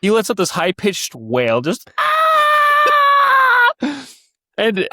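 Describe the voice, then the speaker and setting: Young male co-host, mid-range voice, animated swings in pitch, dry close sound; acts out voices as he tells stories. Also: a little slow, no room sound. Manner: animated storyteller, acts out voices, laughs often. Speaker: podcast co-host. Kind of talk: casual storytelling chat.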